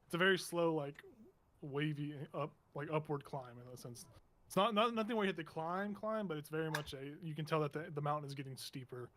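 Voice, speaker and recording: A man narrating a tabletop game as game master in a meandering, halting way with many restarts. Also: fairly high pitch, lively intonation, a bit bright, slight background noise. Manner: meandering, halting, self-correcting.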